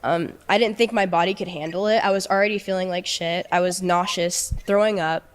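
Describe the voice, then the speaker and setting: Halting young woman telling her story. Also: lowish voice, fairly even intonation. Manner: halting, repeats words as she restarts. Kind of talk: emotional personal storytelling.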